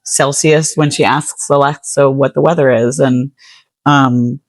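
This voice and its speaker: A woman's voice: rumbling low, fairly even intonation, measured pace, dry recording. A woman from the United States speaking as a guest poet in a casual interview. She has an American accent with some Australian and New Zealand traits and talks chattily, filling with "like". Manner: chatty, frequent "like" fillers.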